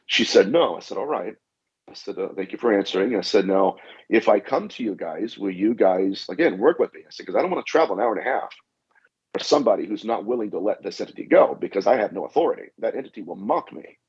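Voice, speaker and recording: A man's voice: fairly low pitch, lively intonation, fast, darkish tone, breathy edge. A man, a guest demonologist, telling anecdotes in a podcast interview and acting out the dialogue with repeated "I said". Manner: anecdotal, acts out dialogue, frequent "I said". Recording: dull lo-fi audio.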